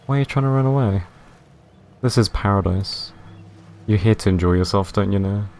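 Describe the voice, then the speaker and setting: A man reading as a low deadpan ocean voice. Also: normal speed, vocal fry, slight background noise. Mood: coaxing. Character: mysterious teasing voice of the ocean.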